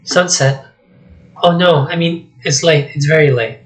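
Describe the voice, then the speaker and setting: A man voicing a cursed young princess while reading a script aloud, speaking softly and pleadingly. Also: a little high, a little slow, close to an everyday voice, rough recording. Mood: earnest. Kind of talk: solo script reading with voices.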